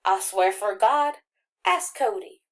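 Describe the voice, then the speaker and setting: A woman's voice: medium pitch, expressive. A woman reading an audiobook, voicing a friendly, boastful country boy from Arkansas with a folksy drawl. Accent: rural Arkansas. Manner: folksy drawl, jabbering fast and eager.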